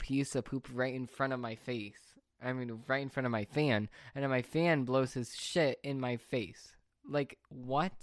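A young man casually telling a rambling, animated story on a podcast. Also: mid-range voice, dry recording, studio quality. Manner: rambling, animated anecdote with fillers and asides. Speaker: podcast speaker.

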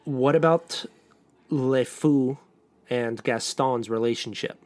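A man co-hosting a casual entertainment news podcast, joking around and filling pauses with uh and um. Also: medium pitch, no room sound. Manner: joking, hesitant with fillers.

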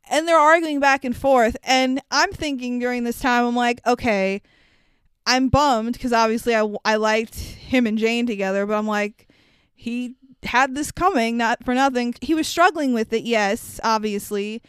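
A woman casually recapping a film with a co-host, animated and swearing, acting out the lines she quotes. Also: on the high side, normal speed, smooth, dry recording, clean studio sound.

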